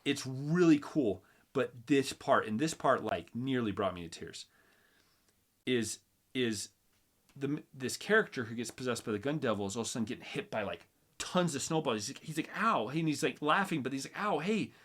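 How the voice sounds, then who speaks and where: A man's voice: mid-range voice, moderate pace. Guy on a chill chat show, gets worked up retelling a scene, keeps restarting sentences. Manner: animated retelling, acts out quotes, many restarts. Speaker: host. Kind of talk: casual chat.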